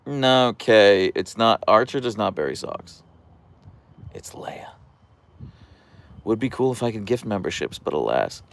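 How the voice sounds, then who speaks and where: A man hosting a casual livestream, reading viewer comments aloud in a calm, soft-spoken voice with a radio-like quality. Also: fairly low pitch, a little slow, gravelly, long pauses. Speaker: livestream host. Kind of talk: casual live-stream chat reading comments.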